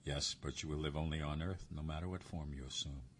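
A man voicing a devout priest who speaks calmly, tenderly and gravely. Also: a bass voice, brisk, a little hiss or hum. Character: gentle, devout old male priest.

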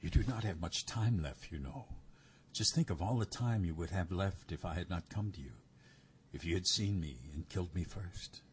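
A man's voice: sits low, moderate pace, a little hiss or hum, close to an everyday voice. Man voicing a sly, anguished serpent. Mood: sly pleading.

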